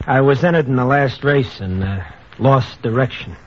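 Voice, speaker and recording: A man's voice: medium pitch, moderate pace, a little hiss or hum, natural voice. A man playing a glib young racetrack swindler. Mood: wary charm. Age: young adult. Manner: breezy, slangy, evasive. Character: smooth-talking young male racetrack swindler. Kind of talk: 1940s radio acting. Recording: dull old radio broadcast.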